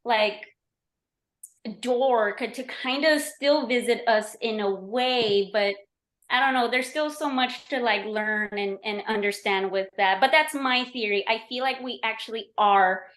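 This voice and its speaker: A woman's voice: a little high, a little slow, a bit bright. A woman who is a podcast guest, chatting casually and explaining with lots of "like" and "you know". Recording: roomy, echoey remote recording.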